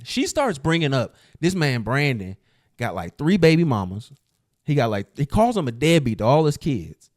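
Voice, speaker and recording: A man's voice: mid-range voice, big pitch swings, normal speed, a little mellow. A man co-hosting a casual gossip podcast who tells stories in slang and laughs often. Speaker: podcast co-host.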